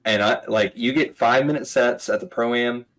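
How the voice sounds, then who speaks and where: Man, comedian, casual podcast chat, animated storyteller, middling pitch, quick asides. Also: low-quality recording.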